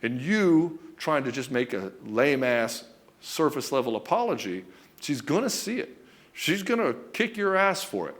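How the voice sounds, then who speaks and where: A man coaching husbands in a blunt, profane way, often acting out quick back-and-forth exchanges between a husband and his wife. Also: mid-range voice, very animated. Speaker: relationship coach. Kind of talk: direct-to-camera coaching talk.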